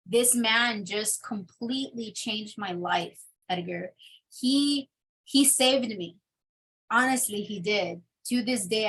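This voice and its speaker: A young adult woman telling her personal testimony in an interview, in a casual, animated storytelling manner. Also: mid-range voice. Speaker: interview guest.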